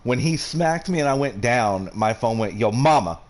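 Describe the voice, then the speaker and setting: A man's voice: medium pitch, lively intonation, normal speed. A man chatting casually on a game stream, rambling and swearing freely. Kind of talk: casual chat while gaming.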